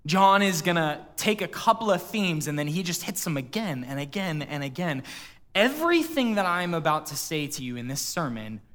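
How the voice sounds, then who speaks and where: A male pastor preaching a sermon, retelling a story quietly and then speaking up to address the church. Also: a little high, very animated, normal speed. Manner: storytelling, quiet and hushed at emotional quotes, rising when addressing the church. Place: church auditorium.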